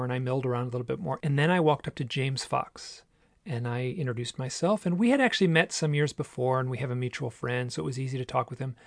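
Male podcast host, solo storytelling, earnest and measured, gravelly voice, close dry mic. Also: mid-range voice, no echo. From United States.

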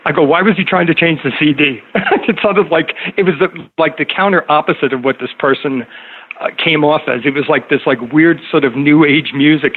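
A middle-aged man telling a story in casual conversation, rambling with many fillers and restarts. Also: fairly high pitch. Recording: tinny phone-like line with faint noise.

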